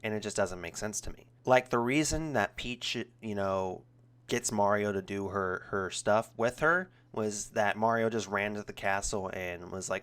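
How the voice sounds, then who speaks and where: A young man giving a casual, rambling movie review, full of ums and restarts, getting more animated when he criticizes. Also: on the low side, normal speed, smooth.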